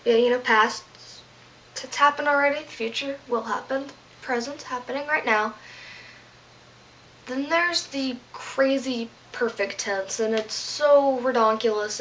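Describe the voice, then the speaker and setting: A woman's voice: high voice, unhurried, a bit bright, a little hiss or hum, low-quality recording. Playful woman teaching Latin verbs. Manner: playful, goofy asides and self-deprecating jokes. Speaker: Latin tutor. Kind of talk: casual video lesson.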